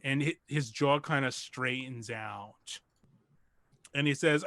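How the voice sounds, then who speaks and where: Bright-voiced game master. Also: male voice, mid-range voice, takes it slowly, no room sound. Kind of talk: narrating a tabletop game.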